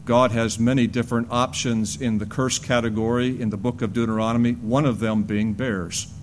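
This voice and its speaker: A man preaching an earnest expository sermon in church, swinging from animated storytelling to a low, grave tone. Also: normal speed, a little hiss or hum.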